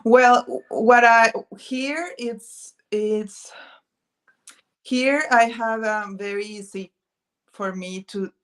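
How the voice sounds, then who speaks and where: A native Italian speaker from Italy talks casually as a guest on a video call, in a relaxed interview chat. Her voice is a little high with fairly even intonation, and she takes it slowly, often searching for words and saying "mm-hmm."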